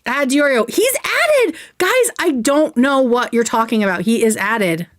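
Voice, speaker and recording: A young woman hosting a livestream, chatting casually and excitedly while reviewing makeup, swearing now and then. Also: a little high, unhurried, dry recording, studio quality. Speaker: livestream host.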